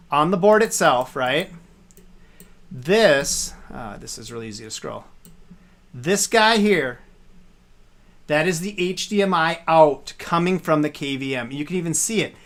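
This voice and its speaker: Man, slightly high voice, rambling, casual live-stream tech talk. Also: fairly bright tone. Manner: rambling, explains hands-on with fillers.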